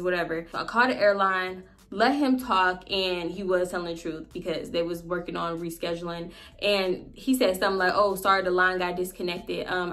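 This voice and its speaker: A woman's voice: mid-range voice, a bit bright. A young woman vlogger telling a personal story in a casual, slangy way, with laughing asides.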